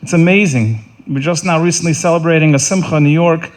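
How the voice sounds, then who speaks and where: A middle-aged man delivering a funeral eulogy in an earnest, halting way, often repeating words and restarting. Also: a little high. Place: funeral service.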